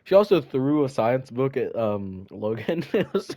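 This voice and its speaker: A teenage boy co-hosts a podcast, casually rambling through school stories while laughing, with plenty of fillers and restarts. His male voice is mid-range, sing-song, unhurried and mellow. The recording is dry and of studio quality.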